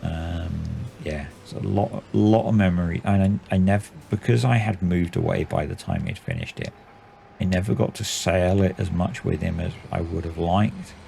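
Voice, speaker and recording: A man in his forties chatting casually and rambling while commenting on his own gameplay, in a voice he calls usually monotone. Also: deep voice, moderate pace, creaky, slight background noise. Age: 40s. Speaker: gaming channel host. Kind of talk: casual let's-play commentary.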